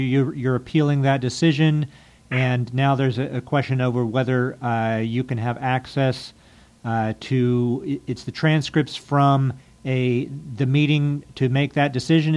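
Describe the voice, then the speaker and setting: A man's voice: mid-range voice, fairly even intonation, unhurried, darkish tone. A man conducts an interview, asking polite but probing questions. He restarts his sentences now and then as he searches for the right words.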